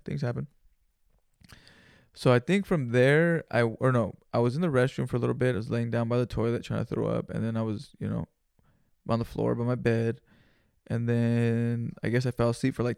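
A young man talks on his own podcast in a relaxed, rambling way, heavy on slang and swearing. His voice has a gravelly edge, and it sits close and dry on the mic. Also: mid-range voice, dry recording. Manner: loose and profane, laid-back slang. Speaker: podcast host. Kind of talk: solo casual storytelling.

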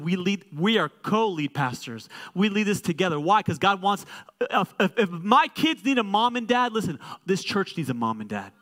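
A high, bright male voice preaching in a church. He is animated and joking, and he swings from quiet asides to loud bursts. The bright edge stays on his voice throughout. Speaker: co-lead pastor. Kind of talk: sermon.

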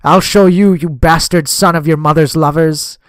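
A man's voice: fairly high pitch, steady tone, normal speed, dry recording, studio quality, close to an everyday voice. A man reading an audiobook voices a drunken man threatening a rival in a quarrel. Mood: menacing. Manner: slurred, menacing.

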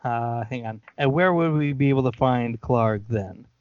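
A man's voice: medium pitch, moderate pace, no echo. A man playing a tabletop game, hesitant and playful, slipping into mock-formal speech. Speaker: player. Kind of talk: casual tabletop role-play. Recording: dry, dull lo-fi audio.

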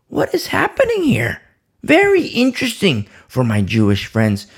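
A man's voice: medium pitch, creaky. A man teaching a Bible study in sermon style, emphatic and fond of repeating phrases for stress.

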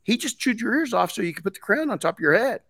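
A man's voice: high-pitched, sing-song, quick pace, gravelly, fairly bright tone, dry recording, voice pushed up, full character voice. Guy doing a sneaky sweet-talking fox, pushy and persuasive, dry close mic. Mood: wheedling. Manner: coaxing, persuasive. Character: sly smooth-talking male fox.

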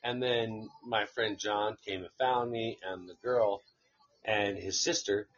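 A man's voice: fairly low pitch, fairly even intonation, slow pace, a bit bright, dull audio. A man casually telling a rambling story on a live stream, swearing freely and laughing along the way. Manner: profane, rambling anecdote with laughs.

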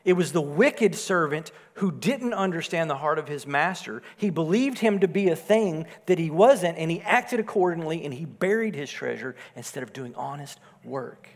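A man preaching a sermon, swelling louder on his points and dropping soft and low on key phrases. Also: lively intonation, moderate pace, hardly any pauses. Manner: rises in volume for emphasis, drops low and soft on key phrases. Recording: long hall reverb.

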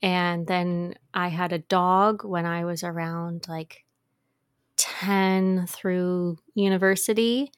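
A woman's voice: fairly low pitch, fairly even intonation, slow, clear, resonant tone, no echo, studio quality. A woman co-hosting a podcast in casual chat, talking in a chatty, emotional way with frequent laughs. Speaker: podcast co-host.

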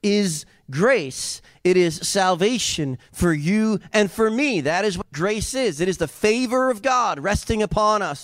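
Impassioned preacher, dry and close. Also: male voice, sits high, animated, a little slow, few pauses, no room sound. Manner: impassioned, builds to loud emphatic peaks; conversational asides with humor. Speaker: pastor. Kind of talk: sermon.

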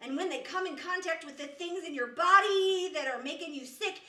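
A woman's voice: very high-pitched, moderate pace, pushed and bright, distant mic. A woman playing a flustered young apprentice. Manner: hesitant, stumbling, many fillers. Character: nervous fumbling young female apprentice. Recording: roomy stage heard from afar.

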